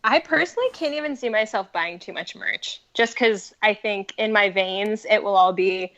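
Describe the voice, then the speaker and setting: An enthusiastic woman guest on a podcast, her fairly high voice gushing with excitement and full of "like." The audio is a little dull and lo-fi. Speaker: podcast guest, toy collector. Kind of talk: casual podcast chat.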